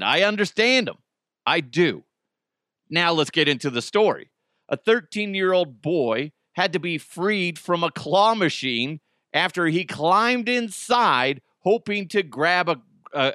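A man hosting a podcast alone, chatting casually in an animated, profane, rambling way. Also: fairly high pitch, slow pace, no echo, studio quality. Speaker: podcast host. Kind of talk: casual solo podcast chat.

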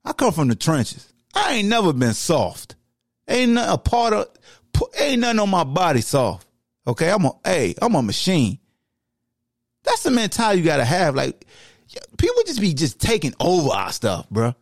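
Animated man ranting on a podcast. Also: on the high side, moderate pace, no room sound, studio quality. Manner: animated, slangy, heated ranting. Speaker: podcast host. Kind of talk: podcast sports rant.

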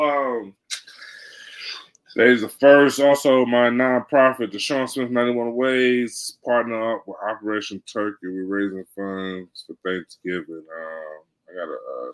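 A man's voice: mid-range voice, fairly bright tone, poor audio. A man co-hosting a casual sports podcast, teasing his partner in easygoing, profane banter. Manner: laid-back, teasing banter. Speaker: podcast co-host.

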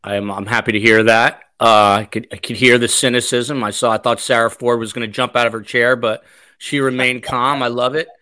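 A man's voice: medium pitch, level tone, a little fast, bright, forceful tone, clear, resonant tone, no echo. A man hosting a podcast livestream, chatting casually and reading viewer comments aloud. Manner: chatty, reads comments aloud, many fillers. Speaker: podcast host.

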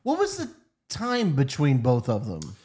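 A man's voice: medium pitch, huge pitch swings, unhurried, a little mellow. A man co-hosting a casual movie podcast, mostly chiming in with short comments and agreement. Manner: brief interjections and agreements. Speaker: podcast co-host. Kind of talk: casual movie review chat.

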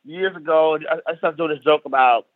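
Comedian guy from south carolina ranting, repeats himself a lot, kinda high voice, tinny phone sound. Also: brisk, no room sound. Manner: emphatic, repeats phrases while ranting. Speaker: stand-up comedian guest. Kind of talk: casual podcast chat.

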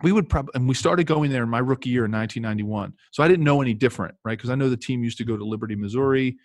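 A man's voice: mid-range voice, racing, no echo, clean studio sound. A man in his fifties, a former pro football player, telling stories casually with many fillers and restarts. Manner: rambling, lots of fillers and restarts. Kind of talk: casual storytelling.

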